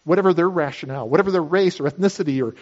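A man's voice: fairly high pitch, racing, darkish tone, muffled recording. A man preaching a sermon in a conversational manner, explaining with everyday illustrations. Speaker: pastor.

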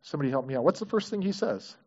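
A man's voice: a little high, lively intonation, very fast, a little mellow, breathy edge. A man preaching a sermon, asking his congregation questions in an earnest, engaged way. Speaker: pastor. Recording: dull lo-fi recording.

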